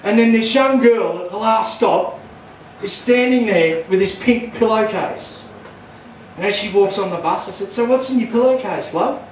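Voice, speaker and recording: A man with an Australian accent doing stand-up comedy, telling a crude, rowdy story and shouting his punchlines. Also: high voice, unhurried, slight background noise. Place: small comedy club stage. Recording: echoey room from far off.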